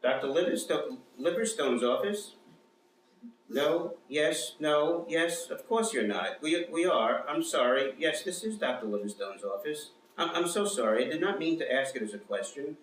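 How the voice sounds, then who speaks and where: A man's voice: on the high side, animated, normal speed, distant mic, a little hiss or hum, voice pushed up, lightly acted. A man voicing a flustered young female dental assistant who stammers and apologizes, read aloud in a storytelling performance. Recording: echoey room, mic from afar.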